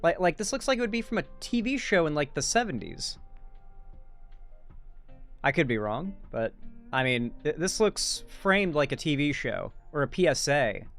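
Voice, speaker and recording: A man's voice: a little high, big pitch swings, normal speed, creaky, fairly bright tone. A young man giving casual, blunt commentary while reacting to a video, rambling and correcting himself as he goes. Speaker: commentary streamer. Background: faint background music.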